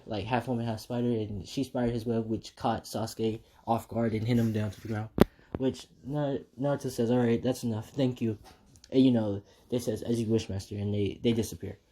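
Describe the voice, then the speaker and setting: A man improvises a fan-made story in a loose, casual way, stacking up fillers as he goes. His voice is mellow and mid-pitched. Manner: rambling, filler-heavy.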